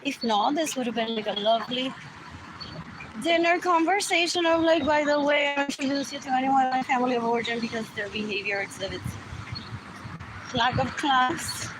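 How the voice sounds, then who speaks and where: A woman's voice: sits high, normal speed. A woman hosting a rambling solo livestream, musing aloud, repeating herself and switching between English and Spanish. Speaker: livestream host. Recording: loud background noise.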